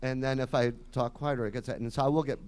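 A man's voice: medium pitch, fairly even intonation, fast talker, smooth. A man in his fifties from the Detroit area with a Michigan accent, a musician chatting at length as an interview guest, his voice a little nasal. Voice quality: slightly nasal. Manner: rambling, chatty, trails off quietly. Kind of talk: casual chat.

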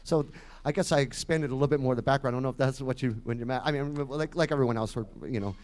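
A man's voice: medium pitch, very fast. A man in his fifties from the Detroit area with a Michigan accent, a musician chatting at length as an interview guest, his voice a little nasal. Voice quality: slightly nasal. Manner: rambling, chatty, trails off quietly. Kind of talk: casual chat.

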